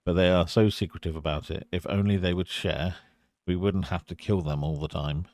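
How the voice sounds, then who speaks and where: A man voicing a wary tribal chieftain who speaks in a measured, grave way. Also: deep voice, steady tone, a little mellow, dry recording, clean studio sound, close to an everyday voice.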